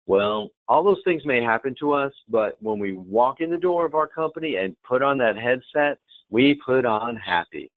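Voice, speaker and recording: A man presenting a hospitality training webinar, demonstrative and lively, often checking in with the audience. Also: lowish voice, moderate pace, no echo. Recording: tinny phone-like webinar audio.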